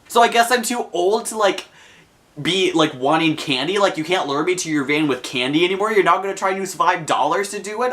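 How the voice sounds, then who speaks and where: A man's voice: mid-range voice, animated, fairly quick, bright, forceful tone. A young man casually recounting a personal story for his vlog, chatty and full of fillers. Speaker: vlogger.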